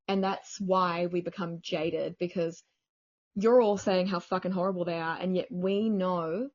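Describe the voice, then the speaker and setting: A woman's voice: fairly low pitch, highs cut off. A woman co-hosting a casual podcast, blunt and swearing freely. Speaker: podcast co-host.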